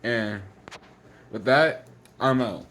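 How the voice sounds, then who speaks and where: This teen vlogger's voice is a bit bright and pitched normally for a boy his age. Slightly winded and fed up, he vents in a hurried, repetitive way, words spilling out and doubling back.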